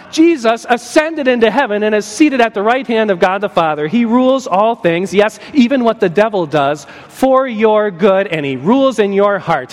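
A man preaching an animated sermon as a pastor, playful and joking, acting out little voices as he tells the story. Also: high voice, moderate pace, hardly any pauses. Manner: playful, acts out voices and jokes. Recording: long hall reverb.

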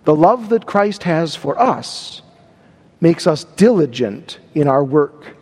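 A man's voice: a little high, lively intonation, slow pace, a little mellow, husky, big-room sound. A man preaching a sermon, stressing and repeating key words. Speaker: pastor.

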